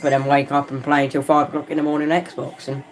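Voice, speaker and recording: A man hosting a live football watchalong, chatting casually with viewers and reacting loudly to chances on the pitch. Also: quick pace, a little hiss or hum. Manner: excitable, swings between chatty musing and loud outbursts at near misses; casual slangy talk, calls players and viewers lad and mate.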